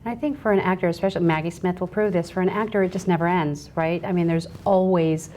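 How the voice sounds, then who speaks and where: A woman's voice: lowish voice, steady tone, quick pace, darkish tone, slight background noise. A woman hosting an interview show, talking in a chatty, gushing, enthusiastic way. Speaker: show host. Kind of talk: casual interview chat.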